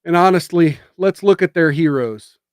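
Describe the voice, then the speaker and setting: A man's voice: a little high, moderate pace, clear, resonant tone, dry recording, studio quality. A man streaming political commentary, sarcastic and emphatic, with indignant rhetorical jabs.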